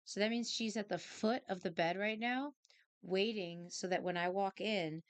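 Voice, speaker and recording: A woman's voice: medium pitch, moderate pace, clear, resonant tone, no room sound. Giggly woman in playful rambling chat. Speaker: streamer. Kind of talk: casual chat.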